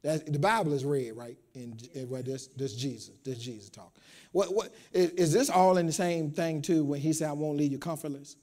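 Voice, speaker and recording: A man preaching a sermon to a congregation in a call-and-response style, repeating phrases and building up to shouts. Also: on the high side, normal speed. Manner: repeats words, talks straight to the congregation. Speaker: pastor. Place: church.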